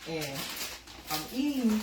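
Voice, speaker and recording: A middle-aged woman hosts a casual live stream from her kitchen, chatting with viewers in a very animated, mid-range voice at a slow pace. She calls the chat "y'all" and repeats herself, and the noisy home stream has crinkling sounds.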